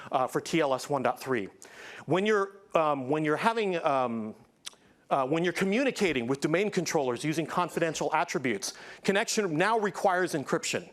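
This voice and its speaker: A man giving an energetic tech conference presentation, swinging between hype and plain explanation. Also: fairly high pitch. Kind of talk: keynote-style tech presentation.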